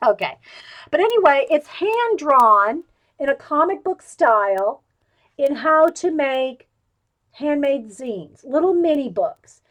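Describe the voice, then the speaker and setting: A woman's voice: sits high, big pitch swings, slow, fairly bright tone. A woman hosting a casual show-and-tell live stream from her craft table at home, rambling and chatting straight to her viewers over a webcam. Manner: rambling, wanders off topic.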